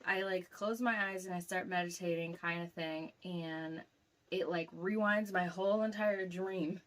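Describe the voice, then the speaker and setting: A young woman casually telling a dream to camera, rambling with lots of fillers and getting animated as the story goes. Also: on the low side, unhurried. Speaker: vlogger recounting a dream.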